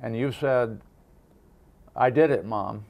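A man's voice: medium pitch, takes it slowly, vocal fry, a little mellow. A man interviewing an elderly veteran for an oral history project, asking hesitant, prompting questions with many restarts.

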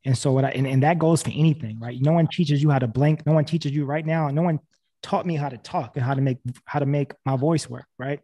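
On a video call, a man shares his faith testimony, preaching casually and earnestly in a slightly high, fairly quick voice with a dark tone. He repeats key phrases and restarts often.

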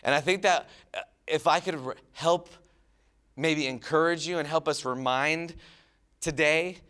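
A man in his thirties giving a youth sermon, telling stories casually with many fillers and restarts, then dropping soft and low on key lines. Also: a little slow. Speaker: youth pastor.

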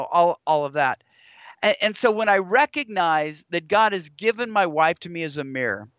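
A man's voice: high-pitched, sharp tone, no echo, highs cut off. A middle-aged man, an author and guest in an interview, speaking in an earnest, preacherly way and telling stories with quoted scripture. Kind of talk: interview conversation.

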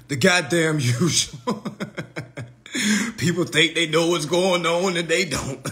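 A man hosts a comedic roast livestream, animated and profane, with frequent laughter. His voice sits high and sounds bright and forceful. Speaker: livestream host.

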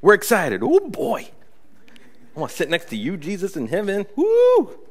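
A man's voice: high voice, huge pitch swings, normal speed, pitched above the performer's own voice, heavily acted. A man putting on giddy eager young disciples. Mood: overeager. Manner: gushing, breathless boasting.

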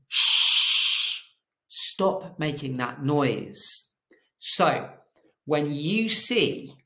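A man's voice: on the high side, gravelly, a bit bright, reverberant. A man teaching a children's phonics lesson, encouraging and asking them to repeat after him.

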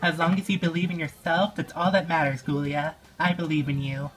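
Catty Noir, a confident teenage pop star girl in a doll play, talks in a coaxing, upbeat way as a woman voices her. The voice sits low for a girl. There is little that sets it apart from an everyday speaking voice. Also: steady tone, fairly quick, soft background music, close to an everyday voice. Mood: encouraging.

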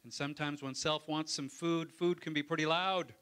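A man's voice: fairly high pitch, steady tone, moderate pace, fairly bright tone. A man, a pastor, preaching a sermon in a conversational way, often asking the congregation for an amen. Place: church.

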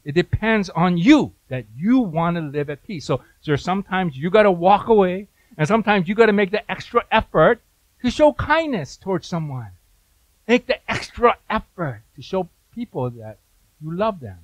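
A man's voice: sits high, expressive, moderate pace, dry recording, low-quality recording. A male pastor preaching a sermon in a conversational way, with frequent asides to the congregation.

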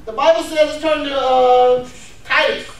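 A man preaching a lively sermon to a congregation, laughing often and calling out for responses. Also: very high-pitched, moderate pace, slight background noise. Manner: energetic, laughing, calls for responses. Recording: very echoey room from far off.

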